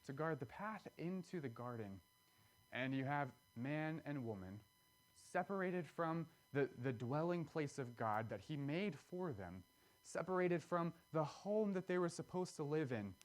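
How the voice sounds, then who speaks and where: Earnest man preaching a sermon, fairly high voice. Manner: earnest, explanatory, with emphatic rises.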